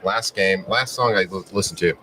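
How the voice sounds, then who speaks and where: A man's voice: deep voice, normal speed, distant mic, background noise. A man in his forties from Texas, a former quarterback guest chatting in a laid-back, joking, rambling way at a radio row event. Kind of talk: casual interview chat.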